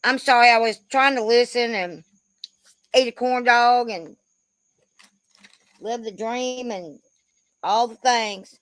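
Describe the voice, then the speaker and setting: A woman's voice: fairly high pitch, takes it slowly, pauses often, fairly bright tone, no room sound. A woman chatting casually on a livestream, talkative and swearing offhandedly.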